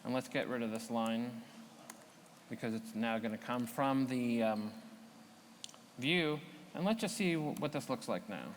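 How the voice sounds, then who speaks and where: A man explaining a live coding demo at a tech conference, talking to the audience in a relaxed, explanatory way. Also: medium pitch, unhurried, pauses often, long reverb tail, slight background noise. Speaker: conference speaker. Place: conference hall.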